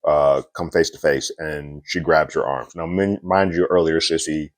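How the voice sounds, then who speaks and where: Low-voiced man recapping an episode. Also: fairly even intonation, moderate pace, dry recording. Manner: loose and conversational, frequent fillers and little laughs. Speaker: TV episode reviewer. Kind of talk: casual recap and review.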